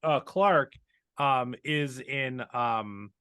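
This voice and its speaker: A woman co-hosting a podcast in casual chat, relaxed and hedging as she talks. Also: extremely low pitch, extremely slow, clean tone. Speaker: podcast co-host.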